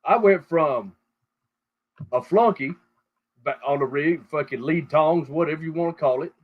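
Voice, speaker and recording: A man's voice: on the high side, normal speed, highs cut off. Foul-mouthed man ranting on a call. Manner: crude, rambling, heavy swearing. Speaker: show host. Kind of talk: profane casual rant. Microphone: call audio.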